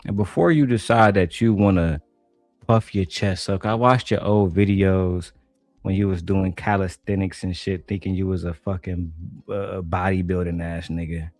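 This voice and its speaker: A man from Detroit with a deep, low voice tears into a panel in loose, profane slang. His talk is blunt and trash-talking, recorded dry and close with a faint music bed. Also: steady tone, moderate pace, a little mellow, no room sound. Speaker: commentator reacting to a panel clip. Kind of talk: profane reaction commentary.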